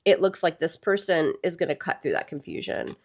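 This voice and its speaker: A woman's voice: low voice, a little fast. A woman reading tarot cards for her viewers in a casual, chatty way. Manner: chatty, addresses viewers as "y'all". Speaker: tarot reader.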